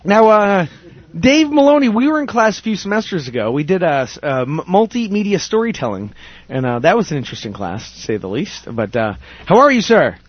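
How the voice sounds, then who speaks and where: High-voiced animated man telling a story. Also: a little fast, husky, dry recording, muffled recording. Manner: animated storyteller, restarts often. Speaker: podcast host. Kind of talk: casual chat. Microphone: studio microphone.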